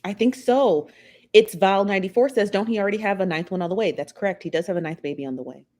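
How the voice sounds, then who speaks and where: A woman's voice: mid-range voice, fast, warm tone. A woman hosting a live stream, chatting her opinions and reading viewer comments aloud. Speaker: livestream host reading chat. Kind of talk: casual chat.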